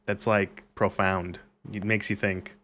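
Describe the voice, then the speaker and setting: A man's voice: on the low side, flat delivery, unhurried, a bit bright. A man streaming a video game and chatting casually, joking and poking fun at himself. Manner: joking, self-mocking, laughs a lot. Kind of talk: casual gaming stream chat.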